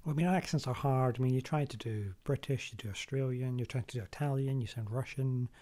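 A man co-hosts a casual podcast, chipping in with short, joking remarks. He talks quickly at a middle pitch. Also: mellow. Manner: brief, joking interjections. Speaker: podcast co-host. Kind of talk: casual chat.

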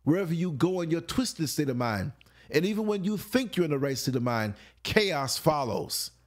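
Animated man telling a late-night story. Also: fairly high pitch, moderate pace. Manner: animated, laughs often, acts out grunts and voices in stories. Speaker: guest on a talk show.

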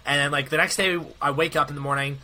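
A young man talking fast in a bright, forceful voice as he rambles through a story on a casual podcast. He acts out every line people said, with a faint hiss of background noise behind him. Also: a little high. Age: young adult. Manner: rambling, animated, quotes himself often. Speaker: podcast co-host.

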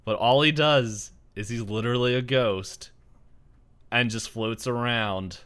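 A man with a bright, forceful voice chatting casually. He retells a story with animation, jumping into quick acted-out voices along the way. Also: mid-range voice, clear, resonant tone. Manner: animated storytelling, acts out scenes with shouted voices and laughs. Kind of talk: casual chat.

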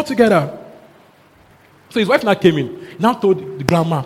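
A man preaches with a fairly high voice, telling stories with animation and chuckling as he goes. His voice rings out in a hall with a long echo. A faint hum sits behind him. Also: normal speed, pauses often. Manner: animated storyteller who chuckles and mixes in local exclamations. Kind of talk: sermon with lively storytelling. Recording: long hall reverb, faint background noise.

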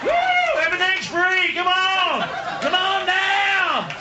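A man on stage voicing a whooping old male country singer hollering party invitations, in an echoey room with a loud audience. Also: very high-pitched, sing-song, takes it slowly, far from the mic, over a noisy crowd, very noisy, voice pushed up, heavily acted.

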